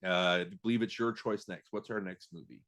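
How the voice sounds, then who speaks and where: A man's voice: low-pitched, fairly quick, fairly bright tone. A man co-hosting a podcast, chatting casually about films in a rambling way, often restarting his sentences. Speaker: podcast co-host. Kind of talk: casual film chat.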